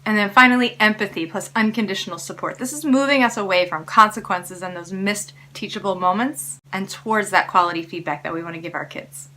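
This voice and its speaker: A woman's voice: mid-range voice, fairly quick, few pauses, sharp tone, slight background noise. A woman hosting parenting tips, speaking casually and encouragingly straight to her viewers. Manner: encouraging, coaching tone addressing viewers directly. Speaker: parenting educator and host. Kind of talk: casual spoken tips to camera.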